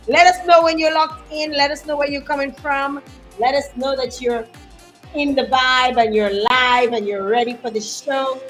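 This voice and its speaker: A woman with a Dominican accent hosts a live online show, talking in a bright, animated, chatty way. Her voice sits a little high. Soft music plays faintly behind her. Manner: animated, chatty, greets viewers, island slang. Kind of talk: lively live-stream chat.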